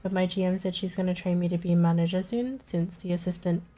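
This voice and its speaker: A woman's voice: lowish voice, level tone, quick pace, dark tone, soft background music. Stuffy-nosed young woman streamer chatting. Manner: chatty, swearing, laughing often, reading chat aloud. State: blocked nose, sounds stuffy. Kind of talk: casual live-stream chat.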